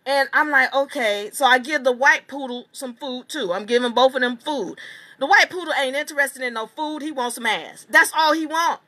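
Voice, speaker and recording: A woman teaching a seminar, telling a long story in an emphatic, animated way and swearing casually. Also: sits high, moderate pace. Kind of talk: storytelling lecture.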